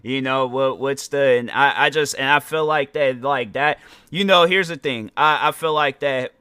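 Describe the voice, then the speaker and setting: A man's voice: mid-range voice, moderate pace, sharp tone, clean tone, no room sound, clean studio sound. A tired young man hosting his own podcast, talking casually and rambling, often stumbling over his words. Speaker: podcast host. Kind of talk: casual solo podcast monologue.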